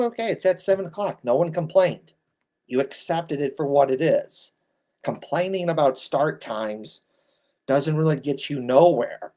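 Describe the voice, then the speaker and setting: A man's voice: a little high, a little mellow. A man in his thirties ranting bluntly in an exasperated, scolding commentary. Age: 30s. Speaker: sports commentator.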